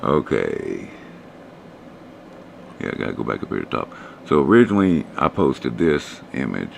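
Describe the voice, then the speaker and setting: Very deep hoarse man. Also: normal speed, a little hiss or hum. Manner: relaxed, rambling, talks to chat viewers. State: losing his voice, hoarse. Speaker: stock trading streamer. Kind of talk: casual live stream commentary.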